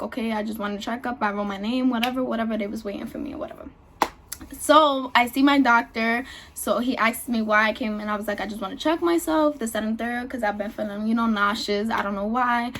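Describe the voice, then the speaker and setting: A woman's voice: on the high side, fairly bright tone. A young woman, casually telling a personal story to her channel, chatty and full of fillers. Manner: chatty, lots of fillers and "y'all". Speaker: vlogger.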